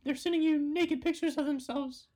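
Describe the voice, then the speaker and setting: A man voicing a flustered, prudish middle-aged mother who talks in a shrill, scandalized hurry. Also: steady tone, moderate pace, a crowd in the background.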